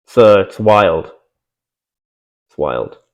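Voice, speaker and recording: A man's voice: sits low, animated, drawn-out words, rough recording. A young man reacting to an article he reads aloud, sarcastic and exasperated, swearing often. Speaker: commentator.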